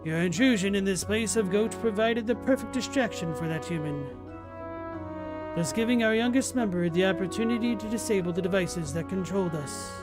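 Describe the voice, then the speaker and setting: A streamer voicing the solemn leader of a herd of talking goats in a game, speaking slowly and formally. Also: medium pitch, music in the background, close to an everyday voice. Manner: measured, grave and formal. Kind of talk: reading game dialogue aloud in character.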